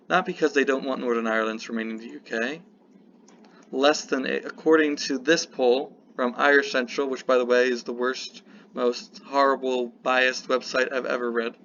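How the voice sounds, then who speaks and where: A man's voice: medium pitch, a bit bright. A man giving casual political commentary in a vlog, rambling and breaking off with apologetic asides. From United States. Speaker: political vlogger. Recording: slightly muffled with faint hiss.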